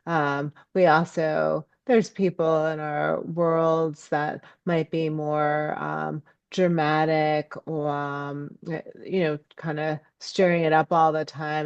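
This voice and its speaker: A low-voiced woman talks slowly as a podcast guest, pausing often with ums as she searches for words. She brightens when she acts out her own inner thoughts. The sound is muffled, lo-fi and completely dry. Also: creaky, smooth, no room sound. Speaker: guest, ecopsychology scholar and author. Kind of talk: reflective podcast interview talk.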